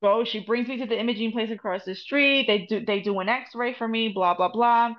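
A woman's voice: on the high side, brisk. A woman with a New Jersey accent telling a story in casual, profane chat as a podcast guest, dropping Spanish phrases. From United States. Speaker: podcast guest, Reiki master and tarot reader. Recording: dull lo-fi podcast audio.

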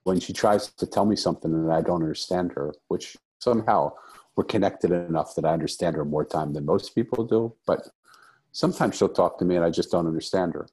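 Speaking a little fast, a middle-aged man with a low, darkish, slightly rough voice recounts a personal story as an interview guest. He's earnest and reflective, and he repeats phrases to stress his points in this conversational storytelling.

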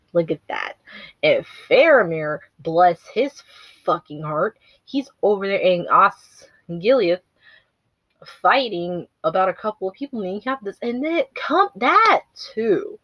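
A woman's voice: on the low side, expressive, measured pace, dry recording, lo-fi sound. A woman podcast host rambling through a casual movie recap, swearing, laughing nervously and apologizing as she goes.

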